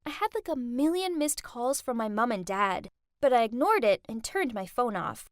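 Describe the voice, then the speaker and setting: Expressive woman narrator for an animated story, high and animated, bone-dry close mic. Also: moderate pace, dry recording. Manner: expressive, dramatic. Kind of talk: scripted first-person narration.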